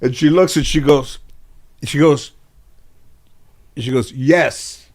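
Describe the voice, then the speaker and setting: A man from Los Angeles telling stories from his childhood as a guest, animated and casual, swearing freely and restarting his sentences often. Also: a little high, slow pace. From Los Angeles, USA. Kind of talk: casual storytelling in a conversation.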